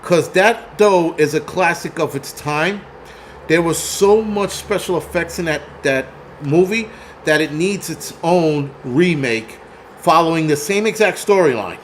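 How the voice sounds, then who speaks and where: A man's voice: on the high side, a little slow, a little hiss or hum. Profane rambling man hosting a livestream. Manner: profane, rambling, reads chat aloud. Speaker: film review livestream host. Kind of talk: casual livestream chat.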